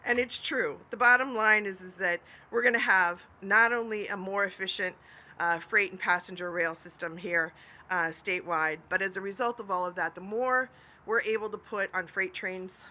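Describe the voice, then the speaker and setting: A woman's voice: medium pitch, fairly even intonation, moderate pace, bright, forceful tone. A woman transportation commissioner giving upbeat prepared remarks at a press event. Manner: upbeat, laughs between remarks.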